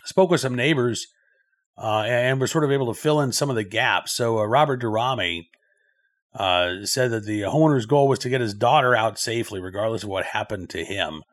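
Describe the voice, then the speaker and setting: Man giving loose, halting news commentary. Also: mid-range voice. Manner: loose, thinking aloud with frequent filler pauses.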